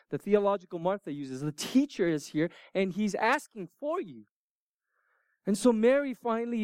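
A middle-aged man preaching a sermon, emphatic and animated at times, then dropping to soft, near-whispered words. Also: sits high, clear, resonant tone, no echo, studio quality. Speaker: pastor.

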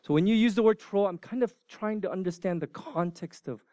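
A man in his forties preaching a sermon, informal and joking, dropping from loud bursts to hushed near-whispers. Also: high-pitched, fairly quick, dry recording, studio quality. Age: 40s. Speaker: pastor.

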